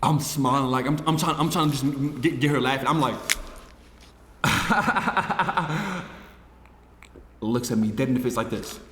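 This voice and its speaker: A young man, a streamer, telling a story to his friends in a casual, animated, profane way, repeating himself and swinging from hushed to shouting. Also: medium pitch, a little slow, long pauses. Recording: echoey room with long reverb, faint noise.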